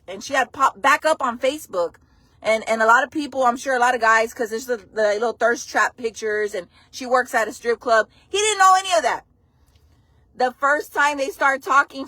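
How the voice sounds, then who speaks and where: A woman's voice: a little high, fairly bright tone, dry recording. A sassy, blunt woman, hosting a casual gossip news live stream and calling her viewers "friends" and "baby.".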